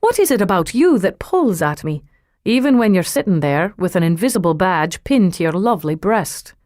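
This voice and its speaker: A woman voicing a suave, wealthy man with a faint Irish lilt, smooth and amused, in an audiobook. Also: on the low side, big pitch swings, normal speed, a little mellow, no echo, clean studio sound. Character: suave wealthy man, teasing and self-assured. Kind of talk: audiobook character reading.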